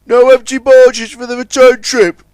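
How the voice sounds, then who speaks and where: A man voicing an eager, reckless male tugboat who shouts cheerfully in a hurry. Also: high-pitched, fairly even intonation, a little slow, no echo, voice pushed up.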